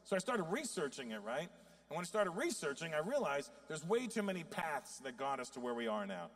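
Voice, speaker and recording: A man in his fifties doing stand-up comedy in a high, lively voice that leaps around. He tells his stories with plenty of profanity and throws in sudden loud outbursts. The delivery stays animated and conversational. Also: a little fast. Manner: profane storytelling.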